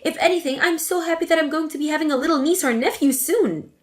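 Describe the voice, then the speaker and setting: A woman's voice: high voice, quick pace, lightly acted. A woman voicing an indignant grown daughter. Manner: indignant, forceful. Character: angry adult daughter confronting her mother. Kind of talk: dramatic story reading.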